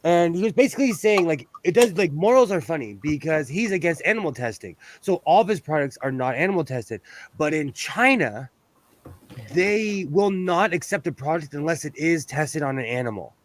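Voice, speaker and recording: A man from the West Coast chats casually while he sews on a livestream, his voice sitting a little high and bouncing up and down in pitch. He rambles from one story to the next, restarting sentences and laughing often. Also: animated, normal speed. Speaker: sewing livestream host. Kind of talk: casual chat while sewing.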